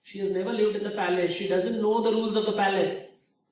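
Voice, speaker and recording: High-voiced Indian English lecturer, booming hall. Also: male voice, a little fast. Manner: animated, rhetorical questions. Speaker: speaker. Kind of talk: storytelling lecture. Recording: very echoey hall, far from mic.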